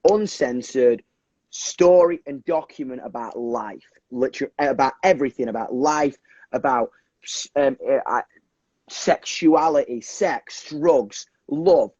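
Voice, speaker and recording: Excitable young British man, husky voice. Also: medium pitch, takes it slowly, no echo, dull audio. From England. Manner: animated, swears a lot, many restarts and fillers. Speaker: musician guest. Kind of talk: casual livestream chat. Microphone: phone on a video call.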